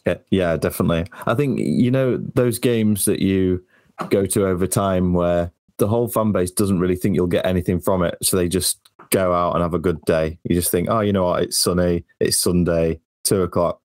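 Deep, hoarse, teasing man. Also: fairly even intonation, normal speed, a little mellow, no room sound. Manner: dry, teasing banter. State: lost his voice, hoarse. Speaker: podcast co-host. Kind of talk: casual football podcast chat.

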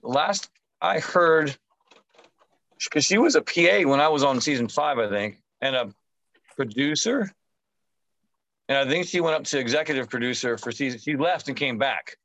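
A man who is a tattoo artist, guesting on a podcast and telling stories in a profane, animated way, swearing constantly. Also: mid-range voice, moderate pace, long pauses, poor audio. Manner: animated anecdotal storyteller. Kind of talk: casual storytelling chat.

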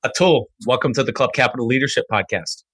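A man's voice: medium pitch, a bit bright, breathy edge, dry recording. A man hosting a podcast interview, talking. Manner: conversational, reads ad copy briskly. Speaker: podcast host.

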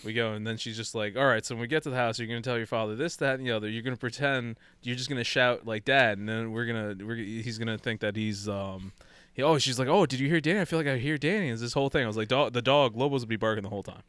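A man's voice: medium pitch, fast, smooth, no echo. A man in casual podcast chat, telling a long story with lots of acted-out quotes and laughter. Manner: animated, acts out quoted voices, laughs often.

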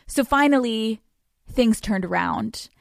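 A woman's voice: fairly high pitch, expressive, slow, vocal fry, no room sound, clean studio sound. A woman in her twenties hosting a podcast, telling a comedic story in a brash, profane way, laughing often and acting out dialogue. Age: 20s. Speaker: podcast host. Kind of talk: comedic monologue.

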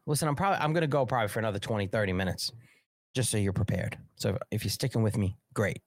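A man's voice: mid-range voice, no echo, studio quality. Profane, ranting male talk show host. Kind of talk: live-streamed political commentary.

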